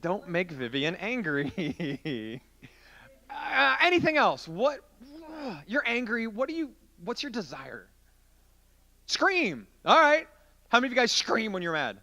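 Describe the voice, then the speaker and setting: A man's voice: sits high, sing-song, slow pace, creaky, pushed and bright. A man preaching as a youth pastor in an interactive youth group sermon, playful and joking with volunteers.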